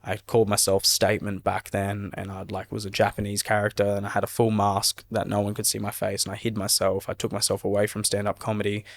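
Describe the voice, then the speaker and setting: Low-voiced young man telling his story. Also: monotone, quick pace, creaky, hardly any pauses. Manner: earnest, rambling, heavy use of "like". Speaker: podcast guest. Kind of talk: personal story in interview.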